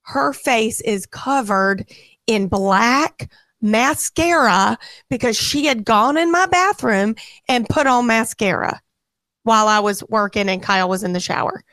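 Animated woman telling a story on radio. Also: fairly high pitch, unhurried, no room sound. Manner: animated, acts out quoted voices, rambling. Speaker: radio co-host. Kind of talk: casual on-air storytelling.

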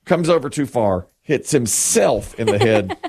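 Man, casual talk show storyteller, gravelly voice, lively swooping pitch, acts out characters. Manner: animated, acts out the people in his story. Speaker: co-host telling a story.

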